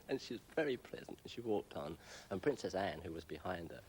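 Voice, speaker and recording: Deep-voiced amused storyteller man. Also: sing-song, a little fast, hardly any pauses, a little mellow, a little hiss or hum. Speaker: entertainer telling an anecdote. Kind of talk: anecdote.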